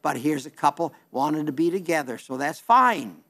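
A man's voice: fairly high pitch, animated, normal speed, fairly bright tone. A man preaching on television in a folksy, earnest, plainspoken way, reading viewer letters and asking for support.

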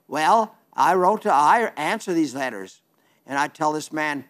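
A man's voice: on the high side, expressive, unhurried, fairly bright tone. A man preaching on television in a folksy, earnest, plainspoken way, reading viewer letters and asking for support.

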